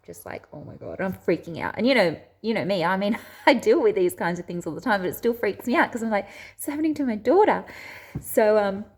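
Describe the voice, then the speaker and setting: A woman's voice: medium pitch, a little fast, hardly any pauses, husky. A woman hosting her own spiritual video channel, telling a personal story in a chatty, rambling way that drifts off track, with frequent hesitations and restarts. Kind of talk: casual storytelling to camera.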